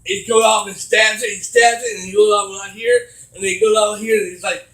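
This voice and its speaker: A man giving a casual video game review, rambling and halting with many fillers, getting excitable as he retells scenes. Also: high voice, gravelly, reverberant, rough recording.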